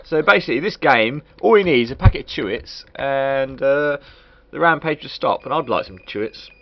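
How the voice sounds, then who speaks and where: A man's voice: medium pitch, animated, normal speed, slight background noise. A man giving a crude, rambling, joking commentary while reviewing a video game. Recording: dull lo-fi recording.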